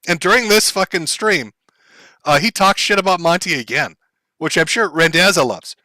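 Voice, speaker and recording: A man's voice: high-pitched, expressive, normal speed, pushed and bright, dry recording. A man commenting on a clip for his stream chat in a blunt, profane, lecturing way.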